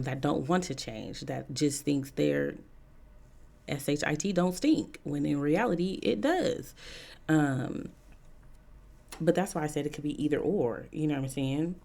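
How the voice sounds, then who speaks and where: Woman vlogging her opinions, lots of vocal fry, chatty, says um a lot, hammers her points. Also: very deep voice, dark tone. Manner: chatty and frank, many "um" fillers, repeats points for emphasis. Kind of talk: casual opinion monologue to camera.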